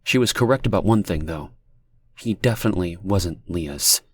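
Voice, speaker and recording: Low-voiced man narrating an audiobook. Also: lively intonation, moderate pace, slightly rough, no echo.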